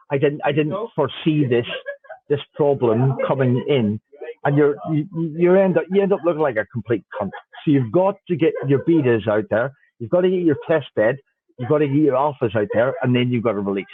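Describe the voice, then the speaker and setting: Blunt Irishman on a tinny line. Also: mid-range voice. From Ireland. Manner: blunt, swears freely, repeats himself. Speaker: guest, smart contract auditor. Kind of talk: casual podcast chat. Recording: dry tinny phone-like line.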